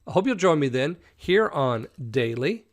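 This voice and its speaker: A man teaching a daily Bible lesson, reading his own translation of a psalm and explaining it in an animated, conversational way. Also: fairly high pitch, moderate pace. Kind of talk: daily Bible study talk.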